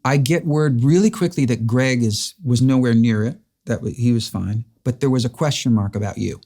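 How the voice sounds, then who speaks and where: A man's voice: mid-range voice, normal speed, dark tone. A man hosting an interview, earnestly retelling a memory in a casual storytelling way. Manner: earnest, emotional retelling with restarts. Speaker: host.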